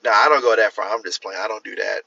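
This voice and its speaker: This livestream host talks fast with a fairly low pitch, vocal fry, and a sharp, slightly rough edge, laughing as he animatedly mimics the voices of people he quotes. He's far from his phone mic, and though there's no room sound, the audio is dull and lo-fi.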